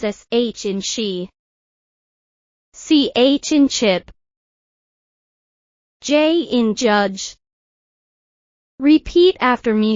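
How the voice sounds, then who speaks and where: A woman in a scripted pronunciation lesson speaks at a slow, careful pace in a slightly high voice. She models each word deliberately for the learner to repeat. The recording is dry and a bit dull and lo-fi. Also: no room sound. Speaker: English pronunciation teacher.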